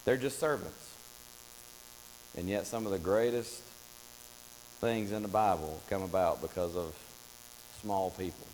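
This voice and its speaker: A man preaching a Bible study in a church, telling the story with lively acted-out voices. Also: low voice, measured pace, pauses often. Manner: animated storytelling, acts out voices of Bible figures. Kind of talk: Bible class teaching. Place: church classroom. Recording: long hall reverb with faint mains hum.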